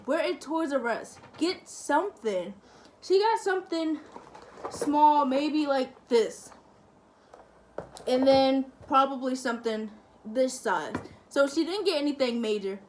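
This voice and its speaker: A young woman vlogger talks straight to camera in a casual, chatty storytelling way. Her voice sits high, and she acts out the other people as she goes. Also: slight background noise. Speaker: family-channel vlogger.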